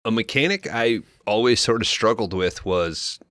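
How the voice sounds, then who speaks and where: A man casually recapping a film plot on a podcast, loose and profane, acting out characters' lines in quick asides. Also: lowish voice, fairly bright tone, no echo, studio quality. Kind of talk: casual movie recap chat.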